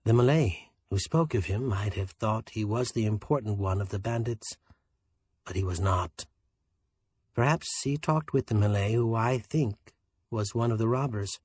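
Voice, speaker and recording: A man's voice: moderate pace, a little mellow, slightly rough, dry recording, close to an everyday voice. A man doing a toneless, placid detective. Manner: toneless, placid, low and subdued. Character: calm, quietly steady small island detective.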